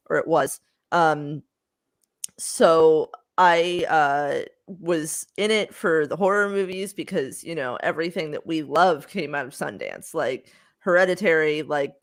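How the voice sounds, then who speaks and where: A woman co-hosting a horror film podcast, chatting casually with many fillers, restarts and frequent giggles. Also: low-pitched. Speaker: podcast co-host. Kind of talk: casual chat.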